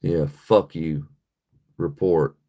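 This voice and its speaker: A man's voice: a bass voice, steady tone, very slow, dark tone, slightly rough. A man hosting a casual livestream, talking bluntly and profanely to his chat and laughing often. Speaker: livestream host.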